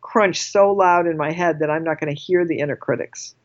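A woman guest telling a personal story in casual conversation, animated and quick to laugh, often restarting her sentences. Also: deep voice, muffled recording.

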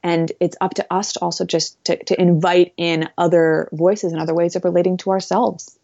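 A woman's voice: on the low side, flat delivery, normal speed, creaky, dark tone, no room sound, highs cut off. A woman speaking as an interview guest, earnest and reflective, with many fillers. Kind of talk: conversational interview.

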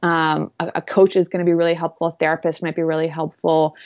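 A woman's voice: deep voice, flat delivery, fast talker, darkish tone, no echo, highs cut off. A woman speaking as an interview guest, earnest and reflective, with many fillers. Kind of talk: conversational interview.

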